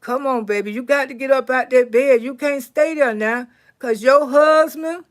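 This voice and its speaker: A woman telling stories and praying for her live chat, swinging from loud to soft. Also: high-pitched, moderate pace. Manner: animated storyteller, swings from loud to soft prayer. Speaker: comedian livestream host.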